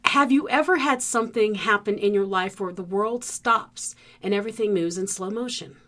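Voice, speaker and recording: A woman from the Philippines, a podcast host, telling a personal story in an animated way and acting out the scenes. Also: medium pitch, normal speed. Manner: vivid storyteller who acts out the scenes.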